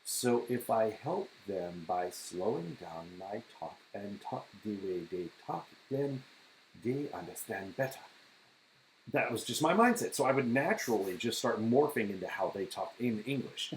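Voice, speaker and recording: A man's voice: fairly low pitch, lively intonation, measured pace, a little hiss or hum, poor audio. A middle-aged man chatting on a podcast, an enthusiastic storyteller who repeats words as he starts his sentences. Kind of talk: casual podcast chat.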